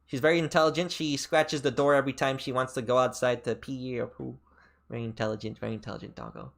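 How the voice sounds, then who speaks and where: A male streamer chatting casually into a desk mic, wandering through his story with lots of fillers and restarts. His voice sits in a middle pitch but jumps sharply high and low from phrase to phrase. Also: fairly even intonation, fast talker, gravelly. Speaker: VTuber streamer.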